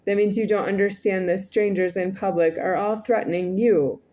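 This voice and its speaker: A woman's voice: mid-range voice, fairly even intonation, normal speed, mellow. A woman in her forties speaking in a rambling, repetitive monologue to the camera, with frequent hesitations. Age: 40s. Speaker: vlogger.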